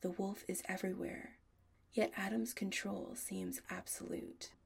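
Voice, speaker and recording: A woman narrating an audiobook in a soft, often half-whispered delivery. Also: medium pitch, flat delivery, unhurried, gravelly, husky.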